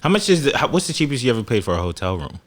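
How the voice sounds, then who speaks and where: A man's voice: medium pitch, big pitch swings, rapid-fire. A man co-hosting a podcast in casual chat, blunt and joking as he tells stories. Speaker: podcast co-host.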